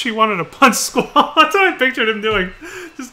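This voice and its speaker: Bright, high-voiced man chatting about a game. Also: lively intonation, fairly quick, few pauses. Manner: casual, swears and acts out lines. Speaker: streamer. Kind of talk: gameplay commentary.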